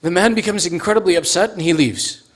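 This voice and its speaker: A man's voice: sits high, fast. Man telling a story at a mosque. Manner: animated storyteller. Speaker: speaker at a mosque fundraiser. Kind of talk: storytelling sermon.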